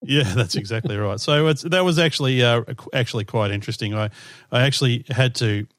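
A man's voice: mid-range voice, fairly quick, no echo. Australian male co-host, fifties, chatty and self-mocking, dry close mic. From southern Australia. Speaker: podcast co-host. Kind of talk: casual chat.

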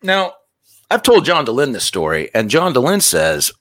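A man's voice: mid-range voice, huge pitch swings, moderate pace, a bit bright, dry recording. A man casually telling a personal story, candid and self-deprecating, joking as he goes.

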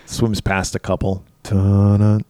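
A man's voice: medium pitch, moderate pace, dry recording, clean studio sound. A man co-hosting a podcast, swearing freely as he retells a movie scene by scene and acts out the characters. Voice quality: profane, animated retelling with character voices. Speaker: podcast co-host. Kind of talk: casual film chat.

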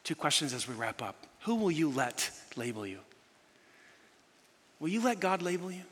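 A man preaching a sermon as pastor, telling a story with animated emphasis. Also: fairly high pitch, normal speed. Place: large church hall. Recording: long reverb in a large hall.

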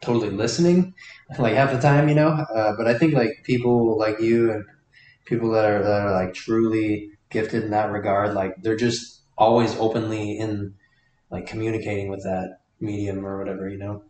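A man's voice: fairly low pitch, fairly even intonation, normal speed, a little mellow, echoey room, recorded from a distance. A man in a casual conversation, musing and hedging as he talks.

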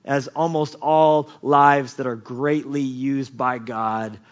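A man preaching a sermon as pastor, telling the story with lively asides, jokes and many restarts. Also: medium pitch, slow, dull audio. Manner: animated storytelling, swings from quiet asides to loud emphasis; many restarts and repeated words, jokes and chuckles.

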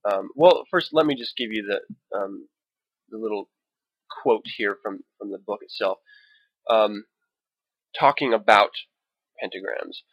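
A man's voice: on the low side, a little slow, pauses often, slightly rough, dry recording, lo-fi sound. A man hosting a solo podcast, talking casually, reading book passages aloud and adding wry, profane asides. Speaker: podcast host.

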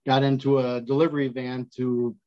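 Man, mid pitch, rambling podcast co-host, muffled dry sound. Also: flat delivery, moderate pace, darkish tone, no room sound. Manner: rambling, many "you know"s. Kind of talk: casual podcast discussion.

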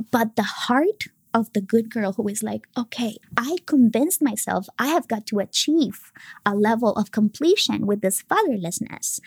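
Her voice runs on the high side with a breathy edge, and there's no room sound at all. She's in her thirties, a guest on a podcast recounting her own faith journey with heartfelt emotion, occasionally sinking into a gentle whisper.

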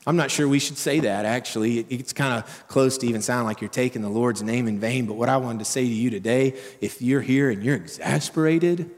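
A man delivers a sermon in a relaxed, conversational preaching style and often asks his listeners questions. His voice sits at an ordinary middle pitch for a man. The recording carries the long, lingering reverb of a church sanctuary. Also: fairly quick, hardly any pauses. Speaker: pastor.

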